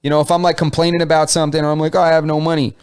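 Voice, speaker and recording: A man's voice: fairly high pitch, flat delivery, rapid-fire, clean tone. A young adult man co-hosting a casual podcast chat, mocking himself with exclamations and frequent laughs. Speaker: podcast co-host.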